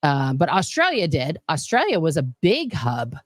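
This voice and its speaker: An American woman hosting a casual chat on a video call, talking in an animated, jokey way. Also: low voice, normal speed, no echo, studio quality. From United States. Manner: animated, jokey, says "let's be honest". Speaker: host.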